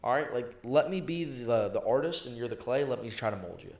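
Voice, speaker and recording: A man's quick-fire, punchy voice carries his points as a guest in a sales interview, blunt and often profane, hammering each line home by repeating it. The room rings with a noticeable echo around him. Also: medium pitch, lively intonation, gravelly, a little mellow. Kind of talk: motivational interview talk. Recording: echoey room.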